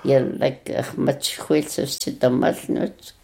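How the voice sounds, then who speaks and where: A speaker on a radio language lesson who translates phrases slowly, pausing and searching for words. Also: mid-range voice, fairly even intonation, gravelly, warm tone. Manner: slow, halting, searching for words.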